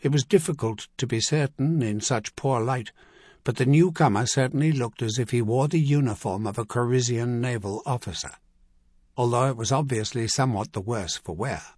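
A man reading an adventure novel aloud as narrator, measured and vivid. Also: medium pitch, darkish tone, husky, no room sound, studio quality. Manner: measured, vivid storytelling with acted dialogue. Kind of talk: scripted audiobook narration.

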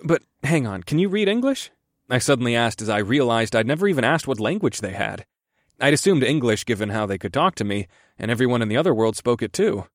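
A man's voice: medium pitch, expressive, fast, no room sound, studio quality. A man narrating a first-person audiobook in an amused storytelling manner.

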